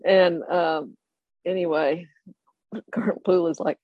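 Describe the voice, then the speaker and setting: An older person telling a family story in a lively way, often laughing and acting out the others. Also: mid-range voice, unhurried, pauses often, dry recording, highs cut off. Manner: animated, laughing anecdote telling. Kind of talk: oral history storytelling.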